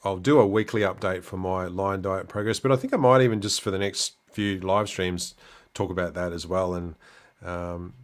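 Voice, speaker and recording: A middle-aged Australian man hosting a livestream, casually chatting and answering viewer comments with relaxed fillers and restarts. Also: deep voice, normal speed. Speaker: livestream host.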